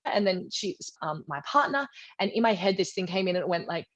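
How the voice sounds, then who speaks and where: A woman with a lowish voice tells a personal story in a relaxed podcast conversation. She acts out the people she quotes and often sinks into a soft, hushed delivery. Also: fairly quick, hardly any pauses. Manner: animated retelling, acting out quoted voices, drops to a soft low voice. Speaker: guest. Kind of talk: candid storytelling in a podcast interview.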